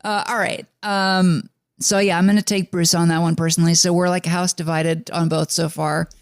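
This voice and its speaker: A man's voice: on the high side, little pitch movement, moderate pace, no echo, clean studio sound. A man from the New York suburbs co-hosting a music podcast in a rambling casual chat, full of fillers and restarts. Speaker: podcast co-host.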